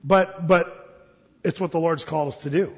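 A man's voice: a little high, steady tone, moderate pace. A male pastor preaching a sermon in church, conversational and jokey, acting out little voices. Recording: dull, reverberant hall recording.

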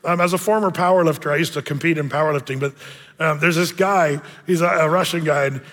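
Male pastor, high voice, casual storytelling sermon full of filler words, long church reverb. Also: fast talker, fairly bright tone. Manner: chatty, storytelling, many fillers. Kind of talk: conversational sermon. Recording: long reverb of a large hall.

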